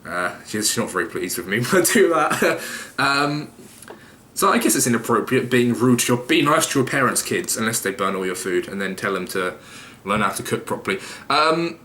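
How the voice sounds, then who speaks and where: A man's voice: medium pitch, expressive, normal speed, pushed and bright, echoey room, a little hiss or hum. A young man casually answering viewer questions in a loose, jokey, rambling way with occasional swearing. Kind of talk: casual vlog Q&A.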